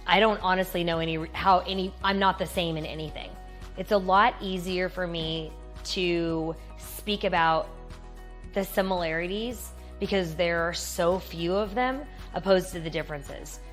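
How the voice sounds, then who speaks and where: A woman's voice: fairly low pitch, normal speed, faint music behind. A woman CEO and business consultant speaking bluntly and seriously about results. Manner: blunt, serious, outcome-driven. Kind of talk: direct-to-camera talk.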